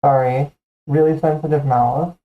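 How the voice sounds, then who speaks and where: A woman's voice: deep voice, steady tone, measured pace, narrow, tinny audio, soft background music. A woman hosting a stream, chatting casually with a friend and joking playfully. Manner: playful, jokey banter. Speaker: streamer host. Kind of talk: casual chat on a game stream.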